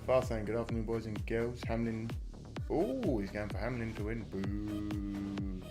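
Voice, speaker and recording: A British man hosts a casual live stream, reading out chat and greeting viewers one by one. He talks close to his desk mic and keeps apologising for the volume while nursing a sore muscle. Music plays clearly in the background. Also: lowish voice, little pitch movement, fast. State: in some pain from a muscle injury.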